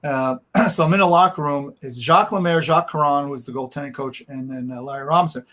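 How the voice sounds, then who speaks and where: A man with a somewhat higher voice talks fast about his playing days. He jumps in eagerly and tells short stories in a casual podcast chat. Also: sharp tone. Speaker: podcast guest and former pro hockey player.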